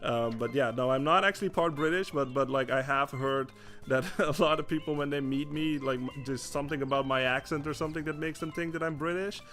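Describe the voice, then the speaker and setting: Young male streamer, fairly high voice, frustrated and profane over faint game music. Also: fairly even intonation, a little fast, a bit bright. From Netherlands. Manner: swearing, exasperated, stammering restarts. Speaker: gaming streamer. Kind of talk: casual gameplay commentary.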